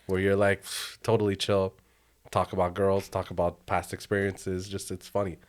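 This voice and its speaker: A young man from Quebec, a music producer guest chatting casually on a podcast, telling animated stories and acting out quotes with frequent laughter. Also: low-pitched, normal speed. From Quebec, Canada. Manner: animated storyteller, acts out quotes, laughs often.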